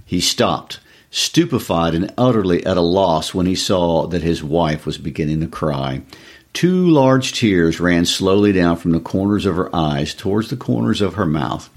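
A man reading a short story aloud with expressive, measured storytelling. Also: low voice. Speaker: story reader.

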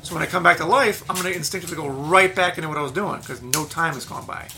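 A man's voice: fairly high pitch, quick pace, noisy background. A man narrating as game master in a loose, rambling way.

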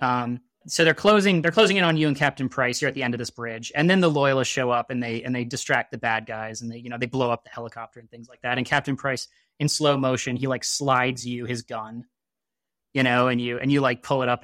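Man, mid-pitched voice, loose rambling storyteller heavy on fillers, close and dry sound. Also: fairly bright tone, no echo. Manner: laughs at his own jokes. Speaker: podcast guest. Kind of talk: casual chat.

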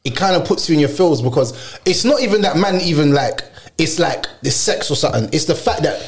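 Lively higher-voiced man. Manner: egging on with quick interjections. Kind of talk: casual chat.

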